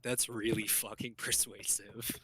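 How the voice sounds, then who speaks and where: A man playing a tabletop game, excitable and laughing, with lots of swearing. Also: on the low side, unhurried. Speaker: player. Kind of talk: casual chat at a tabletop game. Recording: casual voice chat with background noise.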